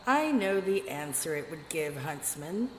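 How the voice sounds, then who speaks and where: A woman reading aloud gives voice to a wise older queen in a storybook. She speaks with calm, amused composure, low and unhurried. A long reverb and faint hiss surround the voice. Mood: serene. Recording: echoey room with long reverb, faint noise.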